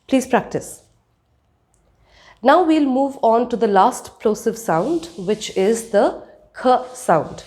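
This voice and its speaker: A woman's voice: on the high side, expressive, slow pace, darkish tone. A woman teaching a spoken lesson, demonstrating sounds and checking in with her listeners. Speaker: accent coach.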